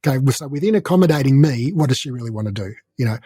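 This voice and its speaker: A man's voice: mid-range voice, lively intonation, very fast, mellow, breathy edge, no echo. A man co-hosting a podcast, talking casually and rambling with lots of fillers. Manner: rambling, chatty, frequent fillers. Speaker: podcast co-host. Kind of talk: casual conversation.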